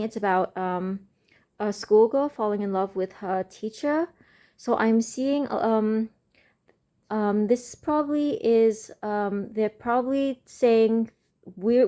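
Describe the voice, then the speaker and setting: A woman reads tarot cards at a slow, musing pace, trailing off into pauses and fillers between thoughts. Her voice is mellow and soft-edged, sitting at a middling pitch. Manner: speaks slowly. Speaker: tarot reader. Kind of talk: slow channeled tarot reading.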